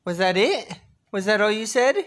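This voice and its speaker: A father in a casual home video, gently coaxing his baby to talk with sing-song questions. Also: high voice, moderate pace, a little hiss or hum.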